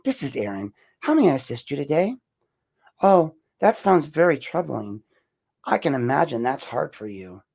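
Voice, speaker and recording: A man's voice: on the high side, big pitch swings, normal speed, creaky, a little mellow, pitched above the performer's own voice, heavily acted. A man putting on a sugary call-center helper voice. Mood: syrupy polite. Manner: sugary, forced-polite phone voice. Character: overly cheerful male call-center helper.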